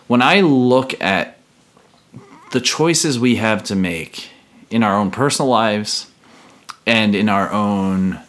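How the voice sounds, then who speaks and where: A man's voice: lowish voice, fairly bright tone. A man hosting a podcast in casual chat, earnest and reflective, often restarting his sentences. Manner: halting, many restarts and fillers. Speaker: podcast host.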